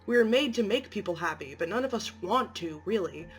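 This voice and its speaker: A woman's voice: a little fast, soft background music, close to an everyday voice. A woman voicing a bitter, weary young male creation. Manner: low, flat and resentful, flaring into anger. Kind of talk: amateur story reading.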